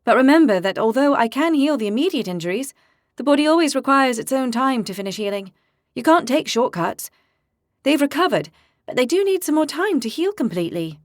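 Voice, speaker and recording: A woman voicing a gentle, caring woman healer who explains patiently. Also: high-pitched, sing-song, brisk, dry recording, clean studio sound, voice pushed up.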